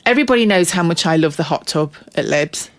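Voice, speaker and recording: Lively, giggly woman. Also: lowish voice, fast, no room sound. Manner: giggly and animated, often asks for agreement. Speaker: podcast co-host. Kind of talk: casual chat.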